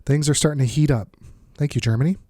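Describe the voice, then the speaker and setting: Playing a strategy game for his channel, a host with a stuffed-up nose thinks aloud casually and mutters asides. His voice is a little high and warm, his pace quick, and the audio is clean studio sound with no room present.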